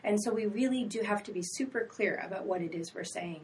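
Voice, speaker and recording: Woman writing-center director, steady explainer, slightly distant mic with faint hiss. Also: medium pitch. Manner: measured, explanatory. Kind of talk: casual academic conversation.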